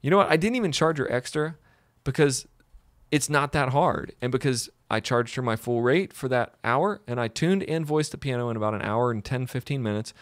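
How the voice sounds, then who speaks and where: A man who is a piano technician and tuning mentor, telling a story in a casual, animated sales pitch, often repeating his words. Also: brisk, no echo, studio quality. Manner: animated, repeats words, acts out quoted voices.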